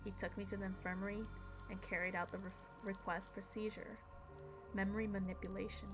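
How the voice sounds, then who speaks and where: A woman's voice: medium pitch, flat delivery, over music, pitched below the performer's own voice, lightly acted. A woman reading as a somber, formal artificial being. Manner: measured, formal, subdued. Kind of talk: reading game dialogue aloud.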